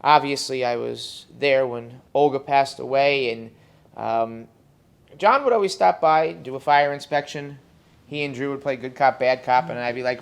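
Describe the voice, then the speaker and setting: A funeral director who also works as an emergency medical technician gives a eulogy at a memorial service in a funeral home. The speaker tells stories about the deceased in a loose, conversational way, often pausing and talking straight to the mourners. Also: medium pitch, gravelly, clean tone. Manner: conversational storytelling, acts out dialogue with humor.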